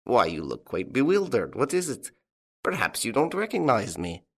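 A man reading the part of a suave, mocking young gentleman thief in an audiobook, with a playful, teasing manner. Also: medium pitch, huge pitch swings, normal speed, slightly rough, voice pushed up, full character voice.

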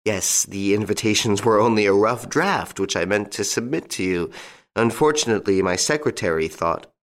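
A man playing a suave gentleman thief, teasingly courteous and smooth. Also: fairly low pitch, normal speed, natural voice.

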